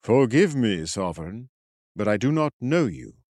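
Man doing ancient loyal warrior, formal archaic speech, slow and measured, dry close sound. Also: fairly low pitch, very animated, a little mellow, dry recording. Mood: earnest. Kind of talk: audiobook character voice.

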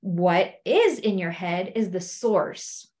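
A middle-aged woman speaking as a coach in a conversational teaching talk, often acting out what people say. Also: slow pace. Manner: conversational, acts out quotes in high animated voices.

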